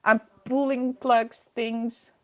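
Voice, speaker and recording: Chatty high-voiced woman streamer. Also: little pitch movement, slow, darkish tone, muffled recording. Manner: chatty, reads viewer comments aloud, laughs often. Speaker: livestream host. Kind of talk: casual livestream chat. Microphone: computer microphone.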